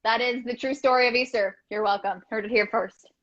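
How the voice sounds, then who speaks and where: A woman's voice: fairly high pitch, steady tone, brisk, a bit bright, lo-fi sound. A woman co-hosting a podcast in casual chat, rambling and thinking aloud over a video call. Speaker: podcast co-host.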